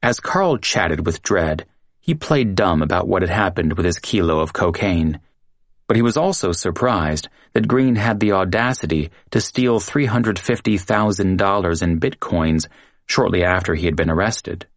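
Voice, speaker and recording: A male narrator reads a true-crime story in a measured, dramatic way. His voice sits low, and the recording is dry and close, with no room sound. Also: dry recording. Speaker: audiobook narrator.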